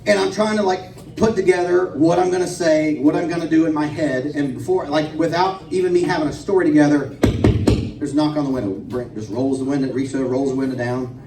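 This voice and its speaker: High-voiced male comic, profane and excitable, live in an echoey pub. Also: fairly quick, noisy background. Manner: profane, excitable, laughing storyteller. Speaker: stand-up comedian. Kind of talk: stand-up storytelling. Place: pub stage, live show. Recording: echoey pub room, distant mic.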